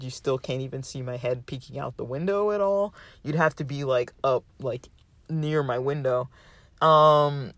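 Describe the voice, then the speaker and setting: A man's voice: medium pitch, a bit bright, no room sound. A man telling a long, rambling story in a casual monologue, full of "like" and "um", sounding exasperated. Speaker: vlogger ranting about a roommate.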